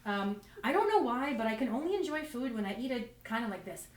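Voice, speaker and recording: A woman's voice: fairly high pitch, sing-song, fast. Self-mocking woman comic in a roomy space. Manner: self-deprecating, rambling with many restarts. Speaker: stand-up comedian. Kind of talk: stand-up comedy storytelling. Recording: roomy, distant mic.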